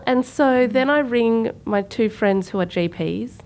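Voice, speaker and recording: A woman's voice: fairly high pitch, a little slow. A woman, co-hosting a podcast and telling a personal story in casual talk, acting out the voices of people she quotes. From Sri Lanka. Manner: animated, acts out quoted voices. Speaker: podcast co-host.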